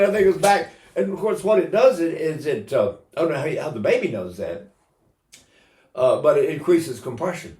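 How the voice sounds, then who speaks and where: A man's voice: fairly high pitch, expressive, moderate pace, a little mellow, roomy sound. An older man teaching singing in a casual, rambling way, breaking into sung vowels to demonstrate.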